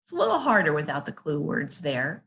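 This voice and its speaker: A woman teaching a phonics lesson to young children, sounding out letters and words slowly and praising often. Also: low voice, wildly swooping pitch, fairly bright tone.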